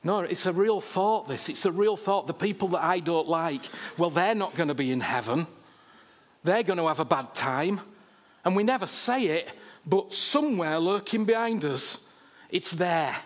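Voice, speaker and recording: Male preacher, fairly high voice, impassioned sermon, repeats himself, rhetorical questions. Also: expressive, normal speed.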